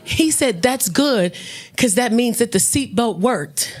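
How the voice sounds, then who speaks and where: Brash, high-voiced woman comedian on stage. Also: lively intonation, slow, loud music behind the voice. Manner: brash, profane storytelling, shifting into loud high shouts at punchlines. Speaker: stand-up comedian. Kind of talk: stand-up comedy storytelling.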